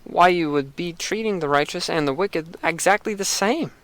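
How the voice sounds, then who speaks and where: A man's voice: high-pitched, moderate pace, a bit bright, no echo. A man reading as old Abraham, earnest and pleading.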